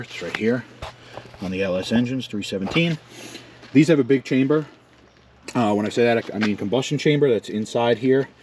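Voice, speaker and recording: A man's voice: medium pitch, background noise. A man in his thirties hosting a casual garage vlog, joking at his own expense as he rambles, a little out of breath. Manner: joking, self-mocking, rambling. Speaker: channel host. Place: home garage and shed.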